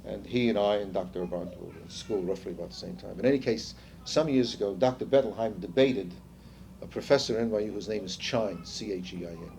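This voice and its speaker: A man's voice: fairly low pitch, brisk, gravelly, a little mellow, a little hiss or hum. An older man leading a seminar in a conversational lecture style. He tells stories, drops in asides and "you see", and quizzes the group. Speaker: seminar leader.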